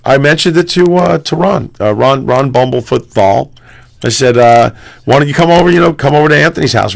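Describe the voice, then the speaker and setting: A man co-hosting a live-streamed talk show. He talks loosely and profanely in a casual chat, jumping from one thought to the next. His voice sits at a middle pitch and he gets excitable. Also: gravelly. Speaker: co-host. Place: home studio streaming live.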